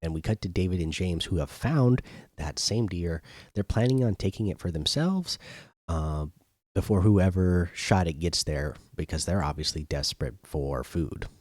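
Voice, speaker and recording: A man with a low voice recaps an episode in a loose, chatty way, leaning on fillers and restarting his sentences. The sound is close and dry, with no room echo. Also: lively intonation, moderate pace, darkish tone. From not British. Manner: loose, filler-heavy retelling. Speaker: host. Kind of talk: casual spoken recap.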